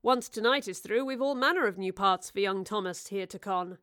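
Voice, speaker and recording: A gallant Elizabethan gentleman speaks with formal, courtly measure, as a woman narrator plays him. His lines stay low and composed, polite in every phrase. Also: moderate pace, no room sound, studio quality, close to an everyday voice. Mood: genial. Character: courtly Elizabethan male playwright Will, gallant.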